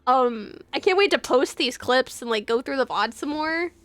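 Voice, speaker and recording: A young woman streamer who reads a game's text aloud and chats with her viewers, gushing and excitable between the readings. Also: sits high, normal speed, dry recording.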